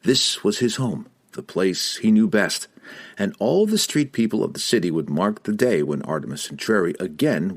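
Deep husky guy reading a fantasy audiobook, voice swings all over, dramatic. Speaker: audiobook narrator.

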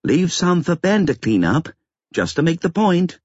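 A man's voice: a little high, very animated, unhurried, no room sound, pitched above the performer's own voice. A man voicing an unflappable older woman in an audiobook, wry and matter-of-fact, on a slightly dull lo-fi recording. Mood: firm. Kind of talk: audiobook character voice.

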